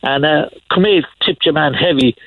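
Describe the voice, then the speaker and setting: A man's voice: a little high, moderate pace, dry recording, narrow, tinny audio. A man calling in to a radio show, rambling through anecdotes with lots of restarts and chuckles. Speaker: caller. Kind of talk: casual anecdotes on a radio phone-in.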